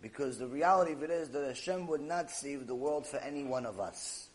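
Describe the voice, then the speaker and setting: A man's voice: mid-range voice, a little fast. A man giving a Torah class, telling the story with animation and acting out the dialogue. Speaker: Torah lecturer.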